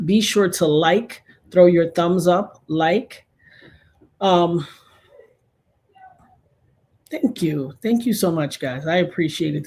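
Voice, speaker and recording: A woman's voice: sits low, darkish tone, slightly rough. A woman hosting a casual livestream, talking straight to her viewers in an effusive, churchy way and praising God. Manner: addresses viewers directly, rallying likes. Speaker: livestream host.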